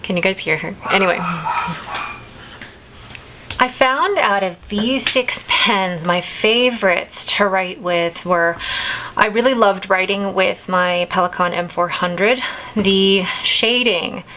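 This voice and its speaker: A woman's voice: mid-range voice, slow, sharp tone, a little hiss or hum, poor audio. A woman in her thirties hosting a casual video, chatting enthusiastically and rambling a little as she talks through her things. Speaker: vlog host. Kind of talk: casual chat.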